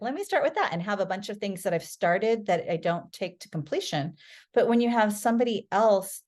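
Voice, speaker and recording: Woman, middle-aged, podcast guest, casual storytelling, animated, mid pitch. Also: normal speed. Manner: animated, lively, acts out quoted voices.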